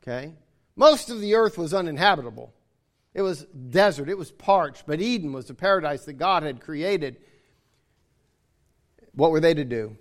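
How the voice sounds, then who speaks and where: A man's voice: a little high, normal speed. A man preaching a sermon emphatically, repeating phrases to drive his points home and calling out to the congregation.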